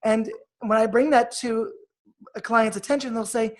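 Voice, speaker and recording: A woman healer guest who leads a guided meditation and explains energy work in a soft, measured, coaching tone. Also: a little high, steady tone.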